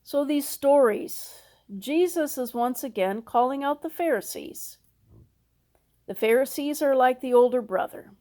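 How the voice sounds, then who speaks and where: Her voice is high-pitched and expressive with a dark tone as this Minnesota pastor delivers a sermon. She takes her time retelling a parable folksily, acting out the characters with homespun asides.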